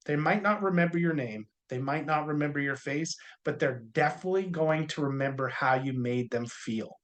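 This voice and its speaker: A man with a slightly high voice coaches a room of new insurance salespeople. His talk is loose and conversational, peppered with corny little jokes. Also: a bit bright. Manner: jokey, conversational, uses corny humor. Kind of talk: casual training talk.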